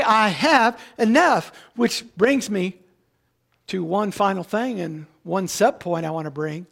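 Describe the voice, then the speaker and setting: A man preaching a sermon, emphatic and repetitive, slowing down to stress key words. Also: high-pitched, gravelly. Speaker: pastor.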